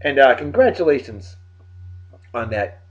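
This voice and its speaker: A tired man giving joking, animated shout-outs to friends in a casual vlog. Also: mid-range voice, unhurried. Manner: animated, joking sports banter. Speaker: vlog host. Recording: dull lo-fi recording.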